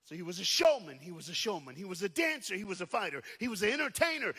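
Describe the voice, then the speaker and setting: A man giving a dramatic motivational talk, moving from loud shouts to hushed murmurs and leading call-and-response. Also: high voice, sing-song, quick pace, few pauses, slightly rough, faint music behind. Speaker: youth speaker.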